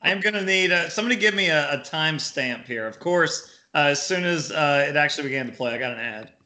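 A man's voice: on the high side, animated, fast, pushed and bright. A man making dry wisecracks on a casual movie podcast. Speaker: podcast co-host. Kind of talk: casual movie commentary chat.

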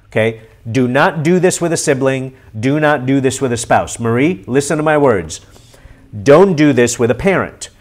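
A middle-aged host runs a live-stream question session, coaching his listeners with encouragement. His delivery is earnest and animated, at a middle pitch.

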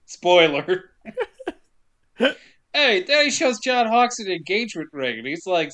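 A man's voice: high voice, slow pace, pauses often. A man co-hosting a casual podcast, recapping a movie with lots of laughter and acted-out quotes. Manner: animated, laughs often, acts out quotes. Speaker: podcast co-host.

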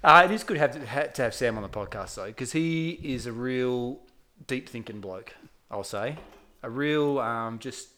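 A man co-hosting a podcast, playful and quick to laugh. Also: mid-range voice, expressive, bright, forceful tone. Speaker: podcast co-host. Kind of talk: casual chat.

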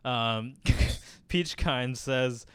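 A man's voice: medium pitch, extremely slow, a bit bright, clean tone. A man hosting a casual livestream, reading chat aloud with loose swearing. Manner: reads chat aloud, swears, laughs easily. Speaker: streamer host.

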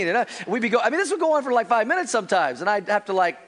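A middle-aged man preaching a sermon to a church congregation, telling stories in an animated way and acting out the voices in them. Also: sits high, racing. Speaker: pastor. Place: church service before a congregation.

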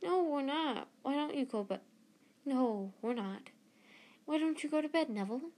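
A woman's voice: high voice, expressive, moderate pace, a little mellow, pitched above the performer's own voice. A woman reading aloud and voicing an anxious, clever schoolgirl with an earnest, fretful manner. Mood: urgent.

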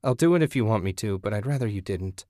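A man voicing a frightened, submissive young woman who speaks quietly and mumbles. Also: lowish voice, lively intonation, fast, dry recording, clean studio sound, natural voice. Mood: subdued.

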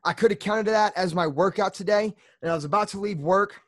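A man delivers a blunt, fired-up motivational monologue on his own podcast, swearing freely as he pushes his listeners. His voice sits a little high for a man, and he sounds slightly out of breath from a workout. The sound is dry and close, with no room echo. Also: a little fast. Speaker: podcast host.

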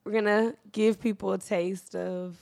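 A woman's voice: mid-range voice, steady tone, a little slow, vocal fry, a little mellow, no echo, clean studio sound. A woman co-hosting a podcast in casual chat, leading the topics in a frank, playful way. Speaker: podcast co-host.

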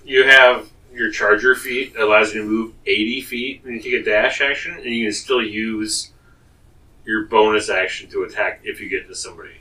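Bright-toned man, off-mic player. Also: fairly low pitch, steady tone, normal speed, distant mic, rough recording. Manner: eager rules explanations. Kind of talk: casual tabletop game chat.

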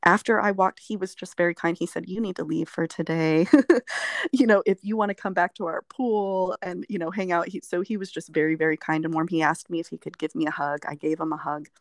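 A woman's voice: lowish voice, steady tone, a little fast, dry recording, studio quality. A woman therapist telling a reflective personal story in conversation, meandering with fillers. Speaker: therapist guest.

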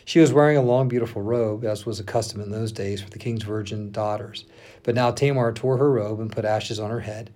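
A man, a pastor, reading a Bible passage aloud on a podcast, with lively expression, stopping now and then to check how a name is said. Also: fairly low pitch, a little fast.

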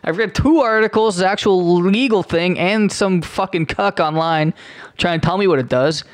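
Sarcastic young man ranting, high-voiced. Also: moderate pace, no echo, clean studio sound. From Canada. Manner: profane, sarcastic, rambling with restarts. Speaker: podcast host. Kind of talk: casual ranting monologue.

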